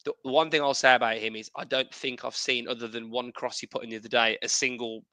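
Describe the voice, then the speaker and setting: A man's voice: medium pitch, fairly even intonation, quick pace, pushed and bright, no room sound. A man co-hosting a casual football podcast, talking in emphatic, repeated phrases. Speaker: podcast co-host.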